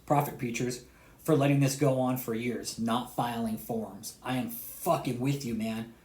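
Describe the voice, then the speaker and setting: A man giving a heated, profane rant to his subscribers as an online commentator. He swears constantly, repeats himself, and swings between loud outbursts and low sarcastic asides. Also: steady tone, unhurried. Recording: roomy echo.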